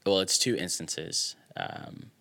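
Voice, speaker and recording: A young man talking casually as a podcast guest, reflective and halting, full of fillers. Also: low voice, gravelly, bright, forceful tone. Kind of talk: casual conversation.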